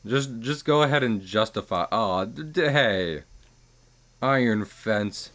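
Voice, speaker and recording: A man giving casual, rambling commentary while streaming a game, chuckling at his own jokes and trailing off into quieter asides. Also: medium pitch, expressive, a little slow.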